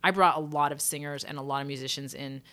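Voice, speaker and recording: A woman with a low but bright, forward voice talks loosely as a singer guest in a relaxed interview. She rambles with fillers and restarts and sometimes mimics how she would phrase a line. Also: fast talker. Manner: chatty, loose, full of "like" and restarts, acts out phrasings. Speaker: singer and session musician, guest. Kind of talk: casual interview chat.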